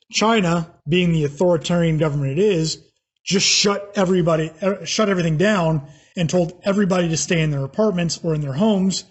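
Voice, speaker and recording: American guy teacher, kinda husky voice, higher pitched, explains stuff step by step. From United States. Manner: plain explanatory, with fillers and restarts. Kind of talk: recorded class lecture.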